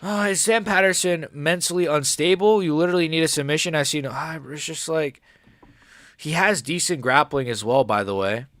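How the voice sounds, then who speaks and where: A man's voice: a little high, moderate pace, a bit bright, no echo. A young man giving casual, profane live-stream reaction commentary, rambling and frustrated with lots of fillers. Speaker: livestreamer watching a fight.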